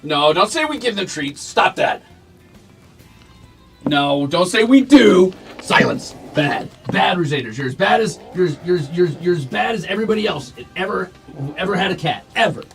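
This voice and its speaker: Streamer guy, bit high, very lively, playful baby-talk to pets; faint music. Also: moderate pace, creaky. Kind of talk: casual chat with pets on stream. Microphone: desk mic.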